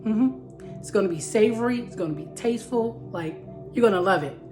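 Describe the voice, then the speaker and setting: A woman's voice: mid-range voice, brisk, over music. A woman from Texas with a Southern accent, hosting her own cooking channel and chatting casually as she walks viewers through each step.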